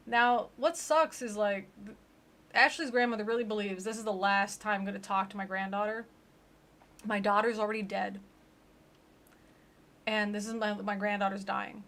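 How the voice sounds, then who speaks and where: A woman's voice: mid-range voice, steady tone, normal speed, long pauses, fairly bright tone. A woman giving sarcastic, incredulous comedic commentary on a gospel tract.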